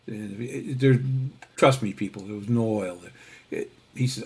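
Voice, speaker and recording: A man's voice: on the low side, unhurried. A man from Connecticut telling a story in a casual, wry, digressive way, full of asides. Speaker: storyteller host.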